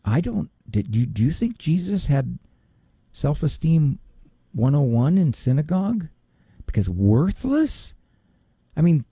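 A middle-aged man speaks with a gravelly, husky edge and a mellow, dark tone. His pitch swings widely as he talks, and he slips into higher voices to mimic other people. The sound is close and dry. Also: no echo. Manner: animated, quick to mimic others in a high voice. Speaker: psychologist. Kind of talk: talk on parenting and faith.

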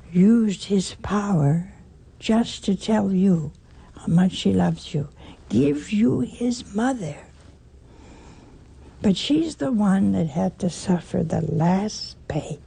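An older woman delivers a slow, deliberate sermon in a gravelly, husky voice. Her tone is dark and mellow, and she repeats phrases and presses rhetorical questions for emphasis. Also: mid-range voice, animated. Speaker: preacher.

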